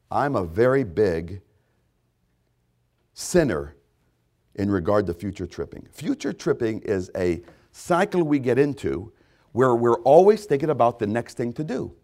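A man delivers a sermon in a middle-pitched voice that moves all over its range. He hammers points home with loud repetition, then drops to low, hushed asides to the congregation. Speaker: pastor.

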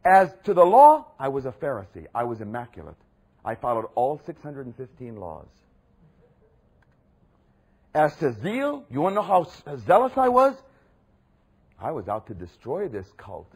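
A preacher voicing a proud, zealous apostle. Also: male voice, mid-range voice, very animated, normal speed, darkish tone, husky. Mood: boastful. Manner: boastful, first-person testimony. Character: zealous, proud ancient male apostle boasting.

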